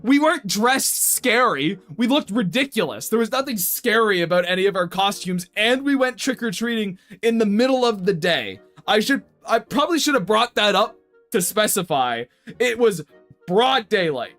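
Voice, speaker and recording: A young man streaming, chatting casually with his viewers in an animated, playful, mock-indignant way. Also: high voice, normal speed, soft background music.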